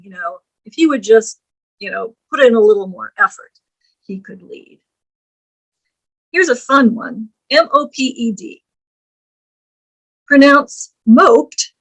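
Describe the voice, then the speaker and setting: A woman giving a recorded English grammar lecture, spelling out words letter by letter and explaining them deliberately. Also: on the high side, low-quality recording.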